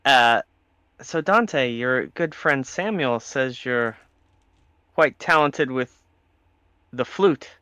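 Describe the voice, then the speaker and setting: A teasing man at a tabletop game, with a bright, forward voice that sounds smooth and crisp. The sound is close and dry. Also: mid-range voice, expressive, takes it slowly, long pauses, no room sound. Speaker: player.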